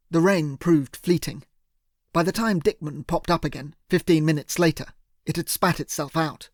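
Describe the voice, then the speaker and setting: A man narrating an audiobook in the first person, in a measured, steady way. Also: on the high side, no echo, studio quality.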